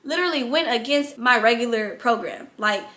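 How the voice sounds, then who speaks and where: A high-pitched woman with a bright, sharp voice tells a storytime tale. She is animated and blunt, and she cusses as she talks. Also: normal speed. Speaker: vlogger. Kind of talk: storytime narration.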